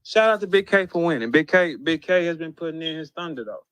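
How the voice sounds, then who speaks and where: A man's voice: a little high, expressive, fast talker, clear, resonant tone, no echo. Profane ranting man, dry close sound. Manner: profane, incredulous, mocking, shouts quoted lines. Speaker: battle rap commentator. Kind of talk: heated ranting monologue.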